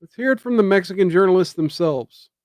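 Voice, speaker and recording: A male streamer ranting in political commentary, with a slightly high voice. He talks sarcastically and emphatically, punching lines with indignant questions. The sound is dry and close. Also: lively intonation, fairly quick, no echo.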